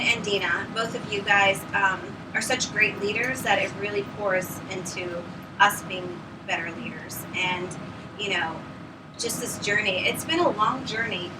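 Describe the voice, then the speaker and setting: A woman in her thirties gives an earnest, tearful thank-you speech as a newly promoted area manager, rambling with many fillers. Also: medium pitch. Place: meeting room with audience. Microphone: camera at the back of the room. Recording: distant camera in a meeting room, noisy.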